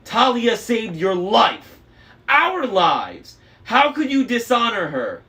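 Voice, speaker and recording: A man doing a furious high-voiced teen girl. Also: wildly swooping pitch, slow pace, exaggerated voice. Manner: shouting, indignant. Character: furious teenage girl demigod. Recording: faint noise, slightly distant mic.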